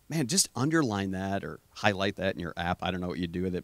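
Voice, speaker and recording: A middle-aged man preaching a conversational sermon, telling stories earnestly and dropping to a hush for emphasis. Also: deep voice, big pitch swings, quick pace, hardly any pauses, dry recording, clean studio sound. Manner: addresses the audience as "guys".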